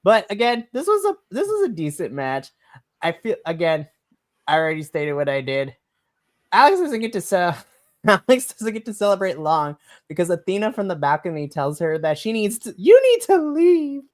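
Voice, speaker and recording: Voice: mid-range voice, very animated, moderate pace. An enthusiastic podcast co-host recapping wrestling in a rambling, giggly casual chat on a home stream mic. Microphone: home mic on a live stream.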